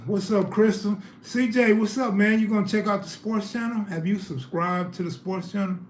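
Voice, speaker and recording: A man's voice: high voice, steady tone, moderate pace. A man hosting a casual live stream, out of breath, joking and reading viewer comments in loose slang. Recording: roomy echo, faint background hum.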